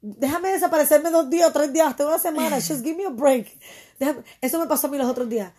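A middle-aged woman with a high voice chats casually, moving back and forth between English and Spanish. She talks with animation and acts out little scenes from home. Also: very fast, dark tone. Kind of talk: casual bilingual chat.

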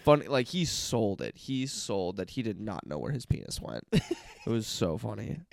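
A man in his twenties co-hosting a podcast, telling stories in an animated way with quick bursts and frequent laughter. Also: on the low side, creaky, no echo. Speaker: podcast co-host. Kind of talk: casual chat.

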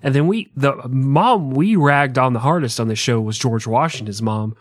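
A man's voice: medium pitch, normal speed, few pauses, no echo, clean studio sound. A man co-hosting a comedy podcast, jokey and crude in casual banter. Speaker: podcast co-host.

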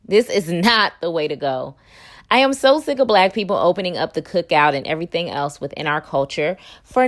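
A woman hosting an opinionated commentary show, talking in a sassy, blunt and scolding way. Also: medium pitch. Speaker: host.

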